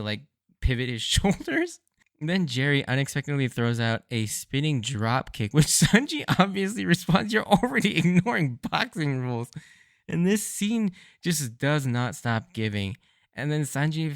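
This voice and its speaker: A man's voice: mid-range voice, clear, resonant tone, dry recording. Dry-voiced man recapping an anime, chuckling. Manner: enthusiastic, laughs often while recapping; casual, filler-heavy with frequent "like". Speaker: podcast host. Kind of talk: solo rewatch commentary.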